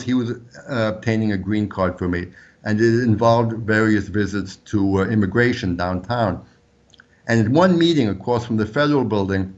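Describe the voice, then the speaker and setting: A man whose first language is French, a former undercover agent telling lively anecdotes as an interview guest. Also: highs cut off. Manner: animated anecdotes, pitch jumps up when quoting. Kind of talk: storytelling interview answers.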